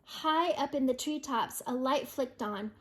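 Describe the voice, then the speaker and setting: A woman's voice: sits high, measured pace. An older woman reading a picture book aloud to children, amused and breaking in with chatty asides. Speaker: storyteller.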